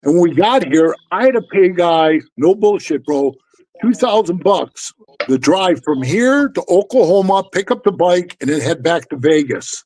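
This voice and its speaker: A middle-aged man tells stories in a loose, blunt way, swearing freely and calling his listener "bro". His voice sits high for a man. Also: lively intonation, normal speed, darkish tone, no echo, low-quality recording. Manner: blunt, profane, keeps saying "bro". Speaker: former motorcycle club member telling stories. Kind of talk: casual storytelling chat.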